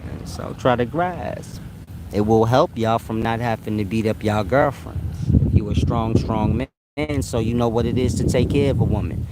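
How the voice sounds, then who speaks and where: A man's voice: mid-range voice, normal speed, background noise. A man giving profane, streetwise relationship advice in a casual monologue, breaking into laughter often. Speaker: advice vlogger.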